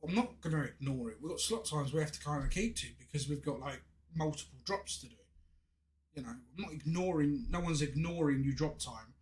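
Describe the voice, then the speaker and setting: A man's voice: a little high, brisk, a little mellow, poor audio. An English man in his thirties, a game streamer telling a story in a chatty, indignant way with many restarts. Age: 30s. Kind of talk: casual storytelling while gaming.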